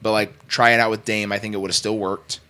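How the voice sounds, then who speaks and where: A young man in casual sports talk, arguing his opinions in quick runs full of "like". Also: lowish voice, level tone, pushed and bright, slight background noise. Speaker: podcast co-host.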